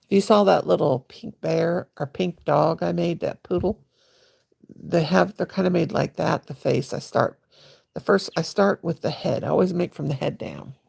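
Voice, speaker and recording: Lady rambling on a crochet livestream, real gravelly, kinda husky, folksy chat while she works. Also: on the low side, normal speed, a little mellow. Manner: rambling, folksy, chatty aside to viewers.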